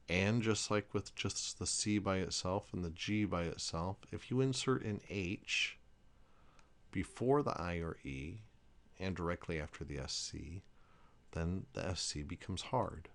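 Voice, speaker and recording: A man's voice: low voice, unhurried. A man teaching a language lesson, explaining pronunciation rules carefully and repeating each example word.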